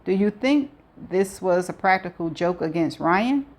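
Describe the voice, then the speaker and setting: A woman's voice: on the low side, animated, a little slow, darkish tone. A woman reading a novel aloud, voicing a polite, puzzled man who stumbles and repeats himself. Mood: cautious.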